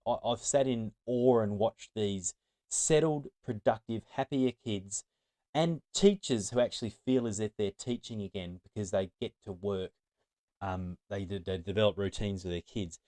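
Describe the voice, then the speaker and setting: A middle-aged man speaks to a room of teachers in a fairly low voice. He is earnest and emphatic, stressing his points as a trainer. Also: normal speed, warm tone. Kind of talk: presentation to teachers.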